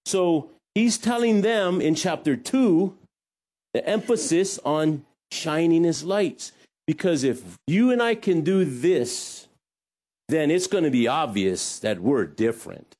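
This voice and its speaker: A man preaching a sermon as pastor, lively, with joking asides. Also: on the high side, slow pace.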